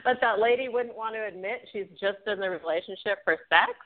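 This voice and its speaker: A woman's voice: mid-range voice, a little fast. Giggly woman co-host on a tinny line. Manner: laughs often, eager agreeing. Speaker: podcast co-host. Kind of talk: casual chat. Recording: tinny phone-like sound.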